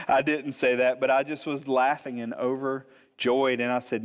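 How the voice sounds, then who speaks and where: A man, preaching as a pastor and telling a funny personal story, animated, acting out the quotes. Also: medium pitch, normal speed. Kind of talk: storytelling sermon. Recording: long hall reverb.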